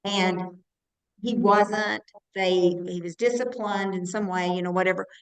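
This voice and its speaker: Woman class participant on a video call, mid-pitched, earnest, explains with examples. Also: fairly even intonation, unhurried, clean tone, low-quality recording. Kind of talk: online class discussion.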